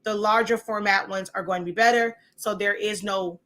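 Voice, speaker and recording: Bright-voiced chatty woman demonstrating crafts. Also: medium pitch, fairly even intonation, moderate pace. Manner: chatty, rambling with restarts. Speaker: crafting show host. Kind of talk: casual demonstration walkthrough.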